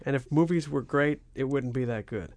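A man's voice: medium pitch, moderate pace, a little mellow, no room sound. A man co-hosting a casual talk show, laid-back and wry, trailing into mumbled asides. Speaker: podcast co-host. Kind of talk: casual chat.

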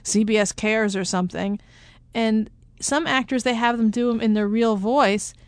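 Woman co-host, casual and chatty, halting delivery, dry close recording. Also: fairly high pitch, no room sound. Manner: chatty, halting, laughs often. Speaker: podcast co-host. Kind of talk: casual chat.

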